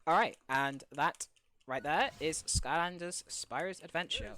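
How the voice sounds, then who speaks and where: A man's voice: a little high, lively intonation, sharp tone. A man commentating his own speedrun live, eager and full of fillers, out of breath with a sore throat. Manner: fast, eager, with frequent fillers.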